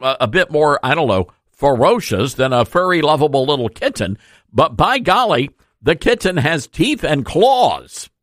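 A man's voice: a little high, a bit bright, dry recording, clean studio sound. A man hosting a political commentary show, speaking in a folksy, opinionated, conversational way. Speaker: host.

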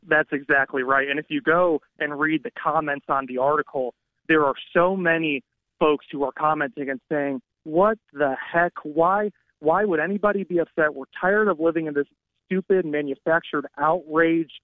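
A man's voice: fairly high pitch, fairly even intonation, normal speed, no room sound. A man phoning in to a talk radio show as a political strategist, speaking confidently and combatively. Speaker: political strategist guest on a call. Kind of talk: phone-in talk radio interview. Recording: tinny phone line.

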